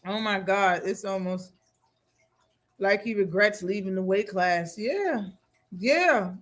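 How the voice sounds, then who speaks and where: Bright-voiced slangy male stream host. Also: high-pitched, takes it slowly. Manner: loose, slangy, laughing reactions. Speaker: boxing talk stream host. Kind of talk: casual live-stream commentary.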